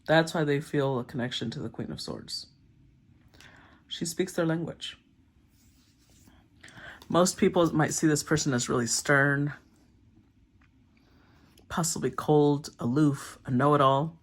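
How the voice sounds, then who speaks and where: A woman giving a casual tarot reading, thinking aloud, often clearing her throat and murmuring as she names the cards. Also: sits low, unhurried, long pauses. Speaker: tarot reader.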